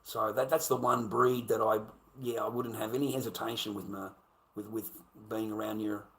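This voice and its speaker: A man's voice: fairly low pitch, fairly even intonation, normal speed, a bit bright, poor audio. A middle-aged Australian man talking on his livestream, swearing a lot and rambling with many repeats. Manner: profane, rambling, repeats himself. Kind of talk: casual livestream rant.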